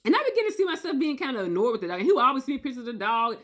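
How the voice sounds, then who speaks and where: A woman talking straight to her viewers in a casual, animated storytelling monologue, acting out quotes and often tagging points with "okay?". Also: high-pitched, rapid-fire. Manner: animated, acts out quotes, tags lines with "okay?". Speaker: video creator.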